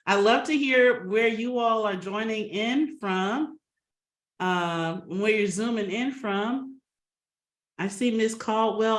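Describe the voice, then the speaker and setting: A woman's voice: fairly high pitch, slow pace. Chatty woman hosting a webinar, roomy sound. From Atlanta, Georgia. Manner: chatty, greets attendees by name, laughs often. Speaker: webinar host. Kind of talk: upbeat webinar welcome. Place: home office on a video call. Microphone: video call. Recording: roomy video call audio.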